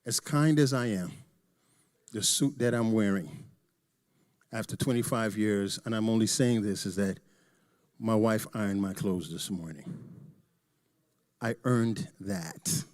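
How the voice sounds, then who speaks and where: A middle-aged man giving a candid, joking talk to a church audience, swinging between loud emphasis and quiet asides. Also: on the low side, a little slow, pauses often. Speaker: church presenter.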